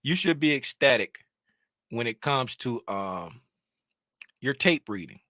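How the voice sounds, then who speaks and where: A man hosting a casual trading livestream from his home desk, rambling and animated, getting loud when he is fired up. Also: medium pitch, slow, no echo, studio quality.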